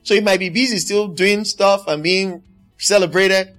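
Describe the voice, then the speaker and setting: Emphatic preacher man, higher voice. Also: steady tone, normal speed, a bit bright, soft background music. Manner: emphatic, repeats exhortations. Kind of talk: sermon.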